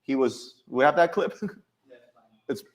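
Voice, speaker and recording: Hosting an informal talk among coworkers at the office, this man recounts stories with plenty of energy and keeps restarting sentences. He speaks at a medium pitch and a slow pace.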